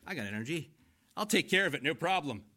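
Male pastor, 40s, slightly high voice, emphatic sermon delivery with loud and hushed swings. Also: sing-song, quick pace. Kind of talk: expository sermon.

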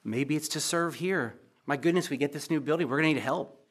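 A man's voice: fairly high pitch, fairly quick, a bit bright, husky. A pastor preaching a sermon in an earnest, emotional way, repeating himself as he pleads with the congregation. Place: church.

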